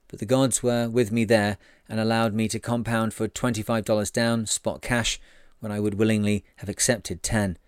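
A male narrator reading a sailing memoir aloud in a measured storytelling manner. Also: on the low side, dry recording, studio quality.

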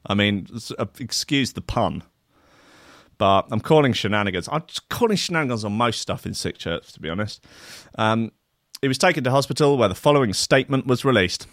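A man's voice: mid-range voice, a bit bright, no room sound. Male host, sardonic and full of filler, dry close recording. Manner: sardonic, mock-outraged, heavy with filler. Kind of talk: comic news-reading riff.

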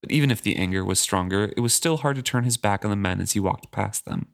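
A man co-hosting a casual book podcast, reading passages aloud and paraphrasing them in a relaxed way. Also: fairly low pitch, fast talker, vocal fry. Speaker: podcast co-host.

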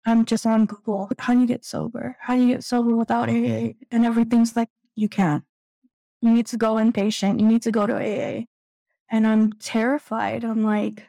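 A woman in her thirties, a guest candidly telling a painful personal story in a halting, emotional way, close to tears. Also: fairly high pitch, vocal fry, dark tone, no echo, poor audio. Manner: candid, halting, tearful at times. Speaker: guest sharing recovery story.

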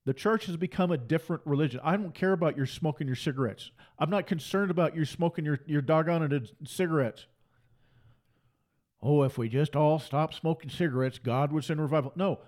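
A man delivers a fiery sermon. His voice sits fairly high, and he drives each point home by repeating it with emphasis. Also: darkish tone. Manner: emphatic, repeats phrases for force. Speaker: preacher.

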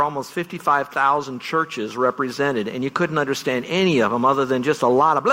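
A male pastor giving a farewell sermon, earnest and unhurried, rising now and then to emphatic bursts. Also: a little high, sharp tone, long reverb tail, low-quality recording.

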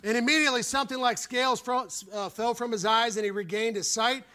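A man preaching with fervor and folksy plain speech. His voice sits unusually high and rings out bright and forceful. He drives his points home and calls on the room for agreement. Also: fairly even intonation, fast. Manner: fervent, emphatic preaching with calls for "Amen"; folksy, plain-spoken storytelling. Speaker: pastor. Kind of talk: sermon.

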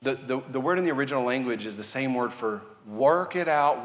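A pastor preaching a sermon with passion and jokes, swinging between loud fired-up bursts and hushed, quiet lines. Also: male voice, mid-range voice, lively intonation, fairly quick, hardly any pauses. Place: large church hall. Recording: reverberant live church hall.

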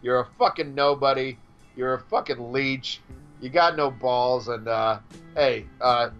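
Male podcast host, foul-mouthed ranter, pitch jumps all over. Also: fairly bright tone. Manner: profane, ranting, mocking. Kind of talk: casual podcast banter.

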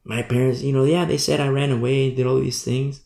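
A man preaching a sermon as pastor, swinging from hushed near-whispers to loud emphatic lines. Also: medium pitch, little pitch movement, a little fast, vocal fry, roomy sound. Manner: preaching with sudden drops to a hush and rises to loud emphasis.

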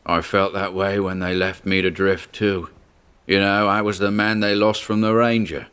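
A man voicing a gruff old male sailor ghost who talks in a laconic, folksy drawl. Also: deep voice, level tone, moderate pace, fairly bright tone.

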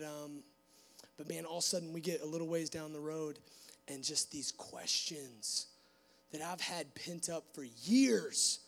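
A young man giving a church testimony to a live audience, animated and full of fillers, acting out bits of dialogue. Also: high voice, gravelly. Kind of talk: sermon testimony storytelling.

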